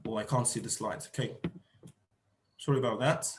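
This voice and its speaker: A middle-aged man presenting an online teacher-training seminar, explaining points slowly and rephrasing them, with fillers. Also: medium pitch, steady tone, reverberant, noisy background.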